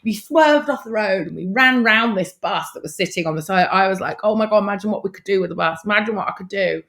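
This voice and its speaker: A middle-aged woman, a podcast guest telling her story in a lively, expressive way and acting out past conversations. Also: mid-range voice, fast talker, vocal fry.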